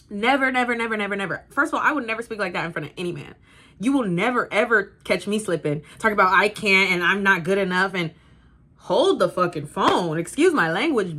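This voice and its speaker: A woman's voice: medium pitch, bright, forceful tone. Blunt, sassy young woman vlogger. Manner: blunt, sassy, emphatic, swears freely. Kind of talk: casual motivational talk to camera. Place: bedroom at home, indoors. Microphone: camera facing her.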